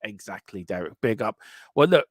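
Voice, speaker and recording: A man's voice: lowish voice, lively intonation, moderate pace, dry recording, clean studio sound. A man hosting a football transfer news live stream, chatting casually, boasting and reading out viewer messages. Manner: boisterous, boastful, reads out chat messages.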